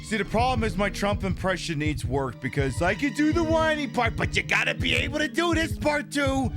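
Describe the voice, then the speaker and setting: A man's voice: very high-pitched, big pitch swings, moderate pace, music in the background. Rambling, profane male game streamer. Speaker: streamer playing a horror game. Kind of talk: casual live-stream commentary.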